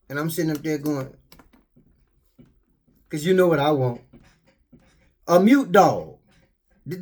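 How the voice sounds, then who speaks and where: An older man preaching and telling stories, animated, acting out quotes and often repeating words. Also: on the high side. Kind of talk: street sermon, storytelling.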